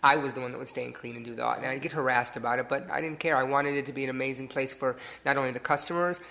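A man's voice: mid-range voice, steady tone, very fast, gravelly, sharp tone. A man from Detroit, a hairstylist, telling his story in a casual interview and acting out the people he quotes. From Detroit area, USA. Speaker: hairstylist guest.

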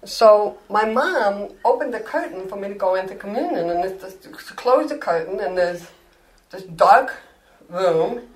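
An older woman, an author being interviewed, telling animated self-mocking anecdotes and acting out the dialogue. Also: medium pitch, unhurried, rough recording. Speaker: author guest. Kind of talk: interview storytelling.

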